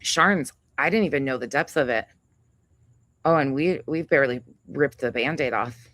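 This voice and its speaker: This is a livestream host with a very deep yet fairly bright voice, speaking at a moderate pace. Swearing heavily, she rants in anger and confronts another creator, also reading out names from the chat.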